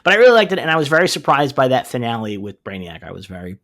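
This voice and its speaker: A man in casual podcast chat, walking through a cartoon episode scene by scene. His pitch swings widely as he talks, and he fills the pauses with plenty of "uh" and "um." Now and then he drops in a swear word. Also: sing-song, a bit bright. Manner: rambling recaps with many fillers, swearing. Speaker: podcast co-host.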